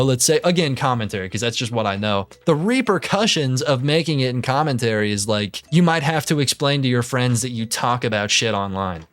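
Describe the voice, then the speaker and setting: Young male commentary YouTuber, lively and slightly high voice, exasperated and profane, dry close sound. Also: no room sound. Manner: profane, exasperated ranting with frequent laughs and restarts. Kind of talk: casual reaction commentary.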